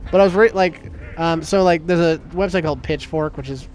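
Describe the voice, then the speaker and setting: A man's voice: fairly high pitch, a little fast, darkish tone. A man giving casual, joking commentary while playing a video game with a friend, rambling with many fillers. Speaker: let's play co-host.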